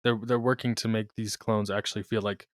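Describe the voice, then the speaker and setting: A man's voice: lowish voice, level tone, a little fast, dry recording. Laid-back man co-hosting a podcast. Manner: laid-back, laughs often, swears casually. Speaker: podcast co-host. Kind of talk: casual chat.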